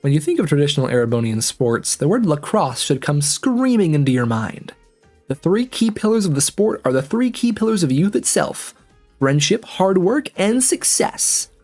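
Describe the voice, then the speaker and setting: A man's voice: medium pitch, lively intonation, fast, hardly any pauses, a little mellow, dry recording, soft background music, lightly acted. A man voicing a zealous young female lacrosse player from a video game, stretching out her words for rousing emphasis.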